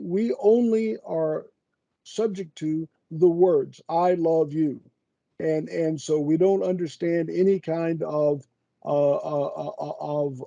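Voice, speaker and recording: Older male expert, high-pitched and gravelly, slow halting delivery over a video call. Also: dark tone, no echo. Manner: slow and halting, many drawn-out "uh"s. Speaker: guest expert answering questions. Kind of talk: webinar Q&A answer.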